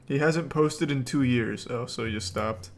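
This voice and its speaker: A man's voice: medium pitch, measured pace. A male streamer chatting casually, reacting to clips with wry remarks and thanking viewers. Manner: laid-back, wry commentary, thanking viewers.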